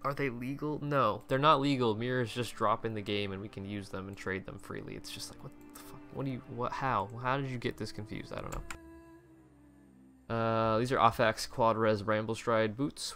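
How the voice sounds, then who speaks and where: Brief: young male gamer, low gravelly voice with a bright edge, loose, profane commentary, faint music behind. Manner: rambling, swears often, lots of restarts. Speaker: gaming video creator. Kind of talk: casual commentary over game screenshots.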